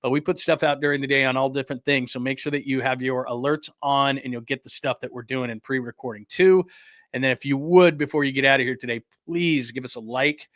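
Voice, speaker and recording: Man, sports podcast host, casual rambling talk, bright tone, dry sound. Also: mid-range voice, fairly even intonation, a little fast, no room sound. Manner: chatty, rambling, laughs easily.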